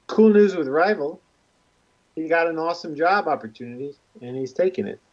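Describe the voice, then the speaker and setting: A man's voice: fairly high pitch, moderate pace. Rambling man on a livestream. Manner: rambling, self-deprecating. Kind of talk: casual livestream chat. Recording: dull lo-fi stream audio.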